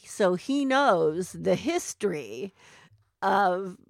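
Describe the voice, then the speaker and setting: A woman's voice: mid-range voice, big pitch swings, extremely slow, gravelly, dry recording. Middle-aged woman in a chat, keeps saying yes and right, laughs along, dry close sound. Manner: supportive, chimes in with agreement and laughs. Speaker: podcast co-host, mother of the other host. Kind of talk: casual chat.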